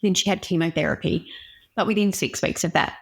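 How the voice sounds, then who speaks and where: Low-voiced woman doctor. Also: a little fast, vocal fry, husky. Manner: earnest, reflective. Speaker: doctor, podcast guest. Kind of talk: candid personal storytelling.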